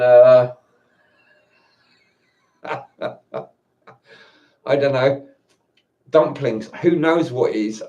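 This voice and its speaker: A man's voice: mid-range voice, a little mellow, highs cut off. Rambling man, distant from the mic. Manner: rambling, hesitant, chuckling often. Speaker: vlogger. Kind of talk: casual solo live-stream chat. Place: indoors at home.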